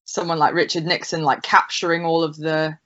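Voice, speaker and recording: A woman talking in a relaxed podcast conversation, with a slightly low voice. She explains things at length, full of "like" and "sort of". The recording sounds dull and lo-fi. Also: brisk. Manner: explains at length with many "like" fillers. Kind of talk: casual chat.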